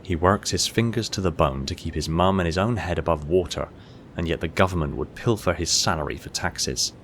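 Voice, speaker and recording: A man narrating an audiobook short story in a steady, measured storytelling manner. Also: low voice, a little hiss or hum.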